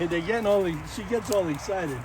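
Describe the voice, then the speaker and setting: A man's voice: high voice, expressive, unhurried, a crowd in the background, rough recording. A man hosting a vlog in a backyard, chatting casually and rambling as he shows his plans and talks to his animals. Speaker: vlog host. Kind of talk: casual chat. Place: outdoor backyard. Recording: outdoor noise.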